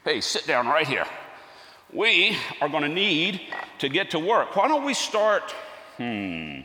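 A man playing a gentle, devout, middle-aged carpenter and father, telling his story earnestly in a first-person stage monologue. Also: medium pitch, lively intonation, measured pace, slight background noise. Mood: playful. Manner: earnest, storytelling, softens to near-hush at key moments. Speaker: actor in a dramatic monologue. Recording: echoey hall with long reverb.

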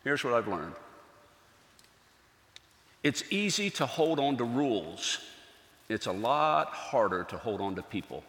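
A man playing a gentle, devout, middle-aged carpenter and father, telling his story earnestly in a first-person stage monologue. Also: mid-range voice, sing-song, a little slow, pauses often. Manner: earnest, storytelling, softens to near-hush at key moments. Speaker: actor in a dramatic monologue. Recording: echoey hall with long reverb.

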